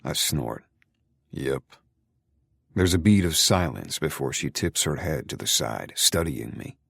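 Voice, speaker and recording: A man's voice: rumbling low, expressive, moderate pace, vocal fry, a bit bright, husky, no room sound, clean studio sound. A man narrating a first-person romance audiobook in a brooding, intimate way.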